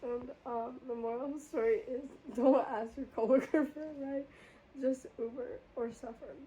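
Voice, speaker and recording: Young woman with a high voice, laughing a lot while she tells a wild story, faint hum behind. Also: normal speed, rough recording. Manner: animated, laughs often, acts out voices in her story. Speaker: podcast host. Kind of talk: casual storytelling chat.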